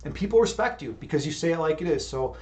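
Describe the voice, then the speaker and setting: Male streamer, somewhat high voice, loose rambling chat, swears and laughs freely. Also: expressive, quick pace, darkish tone. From Chicago. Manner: rambling, profane, laughs often, restarts words. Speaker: streamer leading meditation. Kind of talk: casual live-stream chat.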